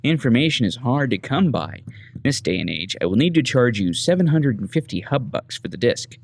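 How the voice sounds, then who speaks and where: A prim, bookish woman of the wasteland, put on by a man reading game dialogue speaks in formal, deliberate sentences. A gravelly texture runs under the voice, and the pitch moves about freely. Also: big pitch swings, no room sound. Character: polite scholarly wasteland woman, measured and formal.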